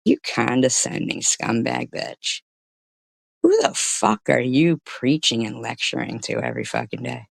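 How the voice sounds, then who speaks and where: A woman's voice: rumbling low, huge pitch swings, a little slow, gravelly, dry recording, clean studio sound. A middle-aged woman hosting a live-stream commentary, swearing, sarcastic and mocking, and drifting into chatty stories. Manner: chatty storytelling.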